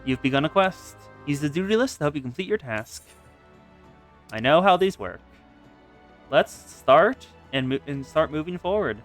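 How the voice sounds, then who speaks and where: A man's voice: a little high, very animated, normal speed, faint music behind. A man streaming a video game live, chatting in a casual, self-mocking way and stumbling over his words. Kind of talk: live gameplay stream commentary.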